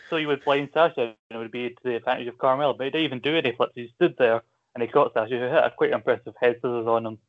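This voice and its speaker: A Scottish man co-hosting a casual wrestling chat over a call, talking in a chatty, dry, teasing way. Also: mid-range voice. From Scotland. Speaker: podcast co-host. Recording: tinny phone-like call audio.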